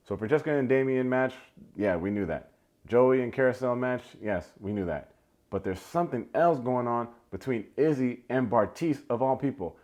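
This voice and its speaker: A man's voice: medium pitch, expressive, normal speed, a little mellow. A man, recapping a dating show with sarcastic, playful commentary and mock impressions. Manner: sarcastic, playful, mimics people he quotes. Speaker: recap video host. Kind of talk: comedic reality show recap.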